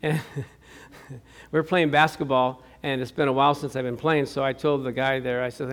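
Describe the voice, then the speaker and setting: A middle-aged man preaching a sermon as pastor in a church, jokey and animated, acting out the voices he quotes. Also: medium pitch, normal speed.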